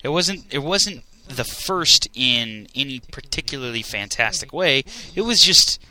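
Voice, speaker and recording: A young man in casual chat, telling stories excitedly and laughing often. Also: mid-range voice, a little slow, rough recording.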